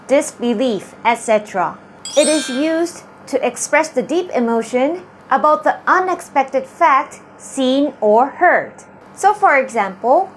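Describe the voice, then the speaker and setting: A woman with a high, light voice leads a scripted grammar lesson. She explains in a slow, careful way and lingers over each example sentence. A faint background noise sits under the recording. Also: fairly bright tone. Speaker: Japanese language teacher.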